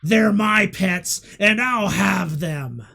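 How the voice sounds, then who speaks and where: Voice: mid-range voice, slow, creaky, bright, forceful tone, full character voice. A storyteller doing a wailing little girl who becomes a beast. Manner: wailing and possessive. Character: girl turning into a huge fanged beast.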